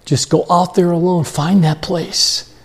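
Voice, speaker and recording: A man preaching a sermon with animated storytelling, chuckling often as he talks. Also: high-pitched, a little slow, husky.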